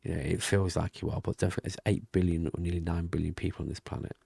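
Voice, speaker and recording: Quiet low-voiced man, gravelly diary talk. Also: flat delivery, quick pace, no echo. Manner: quiet, rambling, often half-whispered talk. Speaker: vlogger. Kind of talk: casual diary vlog. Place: home room with thin walls. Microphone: desk mic and webcam.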